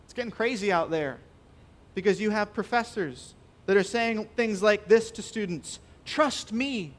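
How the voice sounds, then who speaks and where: A man preaching a sermon, emphatic and stressing key phrases by slowing down. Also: sits high, lively intonation.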